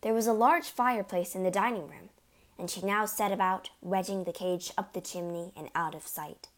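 A woman narrating a children's storybook in an expressive, animated reading. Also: medium pitch, normal speed. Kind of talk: audiobook storytelling.

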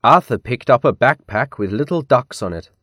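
A man reading a children's picture book aloud as narrator, slow and deliberate. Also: mid-range voice, animated, fairly bright tone, dry recording, studio quality.

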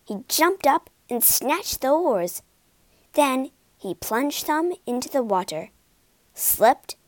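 A woman narrating a children's storybook in a clear, expressive, deliberate way. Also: high-pitched, dry recording.

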